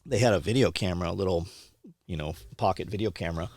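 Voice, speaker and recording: A man talking casually as a podcast guest, telling profane, animated stories and acting out the other people's lines. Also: sits low, quick pace, no echo, clean studio sound. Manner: profane, animated, acts out quoted dialogue. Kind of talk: casual storytelling conversation.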